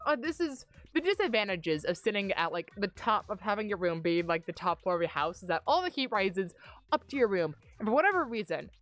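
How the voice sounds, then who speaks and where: A young woman chatting casually and rambling on a gaming livestream from her upstairs bedroom, speaking into a desk mic on a mic arm. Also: medium pitch. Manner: rambling, self-deprecating, chatty. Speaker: streamer.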